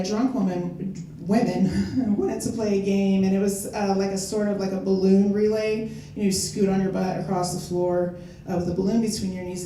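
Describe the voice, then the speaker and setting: A woman's voice: medium pitch, dark tone, a little hiss or hum. An older woman performing stand-up, chatting her way through stories with little laughs and hesitations. Her voice sits in a middle range and is caught from a distance, ringing through a very echoey venue. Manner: conversational storytelling with fillers and laughs. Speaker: stand-up comedian. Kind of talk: stand-up comedy set. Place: live comedy venue.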